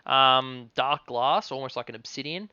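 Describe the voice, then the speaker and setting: A man narrating a tabletop game as game master, relaxed and halting, with many fillers. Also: mid-range voice, clean tone, no echo, lo-fi sound.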